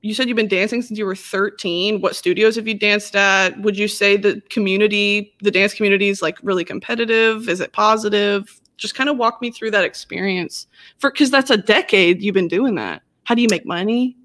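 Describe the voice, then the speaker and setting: A woman's voice: mid-range voice, steady tone, a little fast, fairly bright tone. Chatty young woman from Texas hosting. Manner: chatty, upbeat, curious questions. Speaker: podcast host. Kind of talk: casual interview chat.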